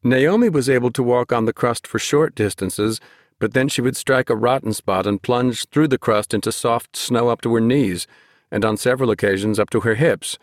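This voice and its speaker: A man narrating an audiobook in a measured storytelling manner, close to the microphone. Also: mid-range voice, no room sound. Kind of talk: scripted narration.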